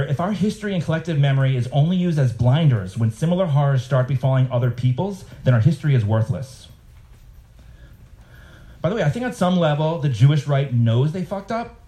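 A man's voice: medium pitch, dark tone. A man, a cartoonist, giving a live reading of his comics with sarcastic asides and mocking voices.

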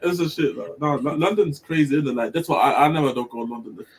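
A man chatting casually on a live stream, rambling and animated, laughing now and then. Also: fairly high pitch, fast, background noise.

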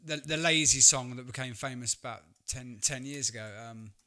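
A podcast co-host with a bright, forward voice. He chats about music playfully, getting animated and jokey as he talks. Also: mid-range voice, moderate pace. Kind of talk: casual music chat.

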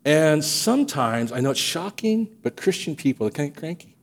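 A man preaching a sermon as pastor of a church, telling stories and acting out quotes with lively energy. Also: on the high side, normal speed. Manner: animated storytelling, acts out quotes. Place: church sanctuary.

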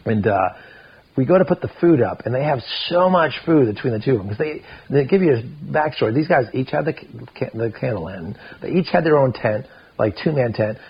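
Gravelly, husky-voiced man telling a story. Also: brisk, dull audio. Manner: animated, lots of filler "like", jumps into high voices for quotes. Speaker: podcast guest. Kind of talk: casual storytelling.

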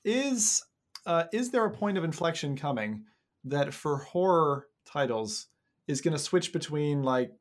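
Animated joking man on a panel. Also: fairly high pitch. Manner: animated, joking, quick bursts. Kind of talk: casual panel chat.

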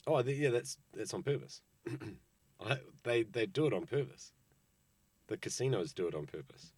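A man in casual chat, joking and teasing, who breaks into quick asides. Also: mid-range voice, lively intonation, a little mellow, breathy edge, no echo.

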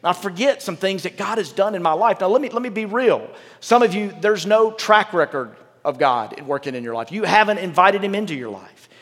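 Man preaching with a fairly high voice. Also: animated, brisk, hardly any pauses, fairly bright tone, big-room sound. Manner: reads scripture aloud, then breaks off into candid, joking asides. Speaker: pastor. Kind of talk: sermon. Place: large church with a balcony.

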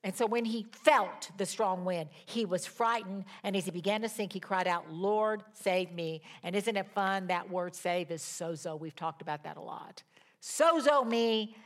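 A woman preaching a sermon, retelling a scripture story with animated emphasis and pauses. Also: on the low side.

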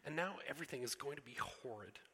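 Preacher putting on a breathless, apologetic young girl; high, bright, reverberant hall. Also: lively intonation, fast, gravelly, breathy edge, exaggerated voice. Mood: pleading. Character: anxious young girl pleading with a lion. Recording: echoey hall.

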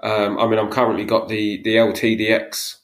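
A man's voice: on the low side, completely flat delivery, moderate pace. Rambling man in a roomy room. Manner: rambling storyteller, many fillers and restarts. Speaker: podcast co-host, golfer. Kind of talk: casual chat.

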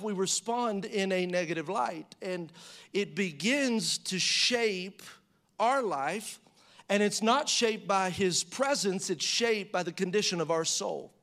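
A man with a high-pitched voice preaches a sermon in a conversational way. He fires rhetorical questions at his listeners and acts out prayers and quotes, his pitch and volume rising as he does. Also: a bit bright. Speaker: pastor.

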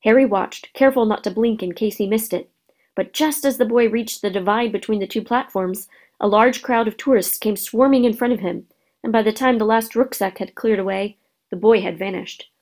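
A woman's voice: medium pitch, normal speed, a little mellow. Woman reading a storybook aloud. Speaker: narrator.

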